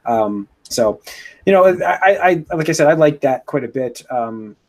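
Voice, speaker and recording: A man hosting a podcast, recapping a movie in a rambling, casual way with many pauses and restarts. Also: medium pitch, animated. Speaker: podcast host.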